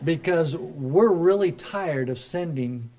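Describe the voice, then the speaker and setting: A middle-aged man speaking at a political rally, his voice sitting a little higher than most men's. He talks in a folksy, joking way, then builds to loud, emphatic punchlines. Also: animated, slow pace. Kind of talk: rally speech. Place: rally crowd, live address.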